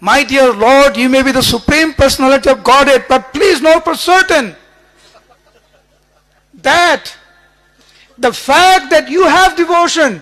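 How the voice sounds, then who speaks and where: A man acting out a devoted follower who scolds his master, speaking loudly and emphatically. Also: very high-pitched, sing-song, moderate pace, heavily acted. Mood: outraged. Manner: loud, emphatic, rebuking.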